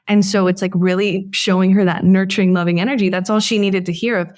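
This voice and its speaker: A woman's voice: mid-range voice, steady tone, fast, few pauses, darkish tone, no room sound, clean studio sound. A woman hosting a podcast, talking in an earnest, heartfelt and reflective way. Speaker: podcast host. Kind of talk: casual conversation.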